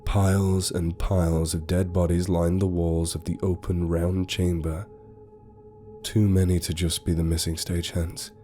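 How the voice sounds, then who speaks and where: A man giving a steady, grave, scripted first-person horror narration over faint music. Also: low-pitched, unhurried.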